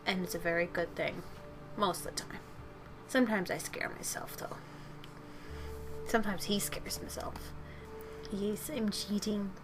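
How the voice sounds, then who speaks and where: A young woman chats casually as she draws at home, rambling and poking fun at herself. She sounds tired after a day of work, and clear music plays behind her voice. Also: lowish voice. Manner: rambling, jokey and self-deprecating. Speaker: channel host. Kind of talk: casual chat while drawing.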